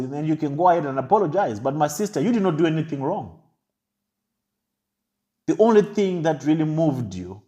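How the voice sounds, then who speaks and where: Impassioned male commentator, mellow tone. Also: mid-range voice. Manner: impassioned, preachy, deliberate. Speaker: online commentator. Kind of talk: commentary monologue.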